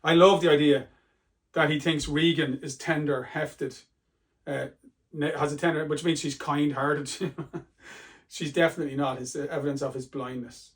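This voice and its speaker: A man explaining a play to students, with a fairly high voice. He talks conversationally and with emphasis, and he reads quoted lines aloud with real feeling. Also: fairly even intonation, normal speed. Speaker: literature teacher. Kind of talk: exam-prep literature lesson.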